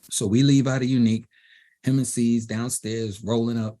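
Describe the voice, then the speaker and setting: A middle-aged man from Brooklyn, telling animated stories as an interview guest and acting out the voices of others. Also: mid-range voice, normal speed. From Brooklyn, New York. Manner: animated storyteller who acts out quoted voices. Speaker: DJ and producer guest. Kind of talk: storytelling in a panel interview.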